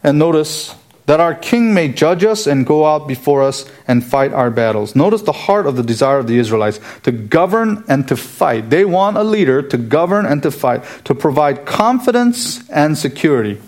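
A man's voice: fairly high pitch, sing-song, normal speed, darkish tone. Man preaching an earnest expository sermon. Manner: earnest expository preaching with emphatic rhetorical questions.

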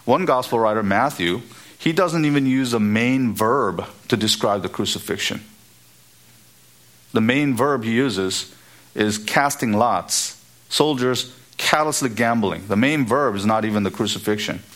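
A man preaching an expository sermon, emphatic and building to high, repeated exhortations. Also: expressive, measured pace, fairly bright tone.

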